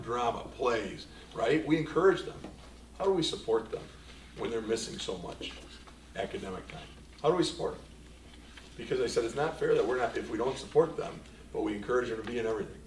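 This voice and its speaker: A man's voice: medium pitch, a little fast, a little hiss or hum. A man, a school superintendent, giving a rambling anecdotal report at a board meeting and quoting himself and a former student. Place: meeting room. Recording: echoey room, distant mic, faint ambience.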